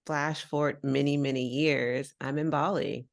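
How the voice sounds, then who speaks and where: Low-voiced woman telling lively stories. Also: a little slow, vocal fry, hardly any pauses. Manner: animated, acts out voices in her stories. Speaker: podcast host. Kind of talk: casual storytelling chat.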